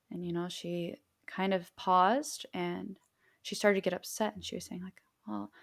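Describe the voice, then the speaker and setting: A woman hosting a livestream, patiently recounting a story in a gentle, soothing way. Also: mid-range voice, level tone, moderate pace, gravelly. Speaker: livestream host. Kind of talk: casual livestream talk. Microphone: livestream microphone.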